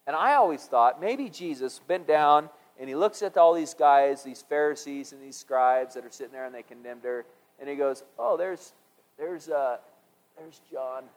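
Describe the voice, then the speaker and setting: A middle-aged pastor preaches a sermon in a conversational, musing manner at a moderate pace. He rises for emphasis and drops low when quoting scripture.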